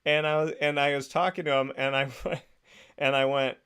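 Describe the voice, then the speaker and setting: A man hosting a casual podcast, telling a story in a lively, animated way and laughing as he goes. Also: fairly high pitch, a little fast, clean tone. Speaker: podcast host. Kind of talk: casual chat.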